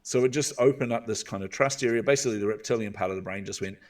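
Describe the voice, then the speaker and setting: A man with a New Zealand accent, a guest coach telling stories in an interview and acting out inner voices with drawn-out pauses. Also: fairly low pitch, far from the mic. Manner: animated, acts out inner voices with drawn-out "hmm". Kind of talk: storytelling interview talk.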